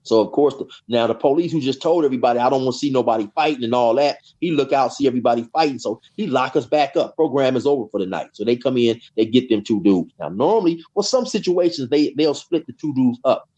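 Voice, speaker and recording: A middle-aged man tells a long story as an interview guest. He talks casually and rambles, filling his pauses with "you know" and repeating words. His voice sits at a middling pitch, and the recording sounds dull and lo-fi. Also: expressive, dark tone. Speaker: guest telling prison stories.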